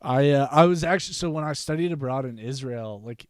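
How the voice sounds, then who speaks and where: A young man swaps stories in relaxed podcast chat, laughing easily. His voice sits at an ordinary mid pitch. The recording is dry and close, with no room sound. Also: fairly quick, no room sound. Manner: laid-back storyteller, laughs often, says "dude". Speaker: podcast co-host. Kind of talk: casual chat.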